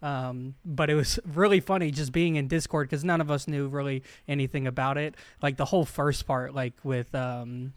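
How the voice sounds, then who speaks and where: A man's voice: mid-range voice, steady tone, moderate pace, few pauses, smooth, no echo. A man co-hosting a podcast in casual chat, laid-back and laughing often, with "like" in nearly every phrase. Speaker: podcast co-host.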